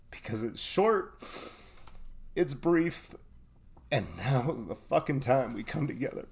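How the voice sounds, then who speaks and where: A man's voice: medium pitch, a little mellow. A man hosting his own live online show, giving a preachy, emotional monologue full of swearing and repeated "right?". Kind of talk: impassioned live-stream monologue.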